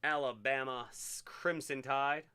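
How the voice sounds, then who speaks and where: A man hosting a live-streamed sports card break, chatty and excitable as he hypes each card he pulls. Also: mid-range voice, a little slow, smooth.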